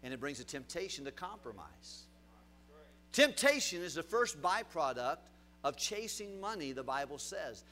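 A male pastor preaching a sermon, swinging between loud emphatic bursts and quiet drops, asking the congregation questions as he goes. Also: fairly high pitch, very animated, normal speed, faint music behind.

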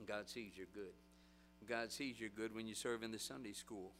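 Bright-voiced man preaching a sermon. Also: on the low side, moderate pace, soft background music. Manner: animated storytelling, acting out voices and shouting; repetitive rhetorical preaching cadence.

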